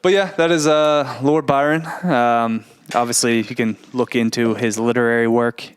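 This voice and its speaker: A man's voice: mid-range voice, steady tone, normal speed, clean tone. A man casually telling a history story on a comedy podcast, matter-of-fact and laid-back.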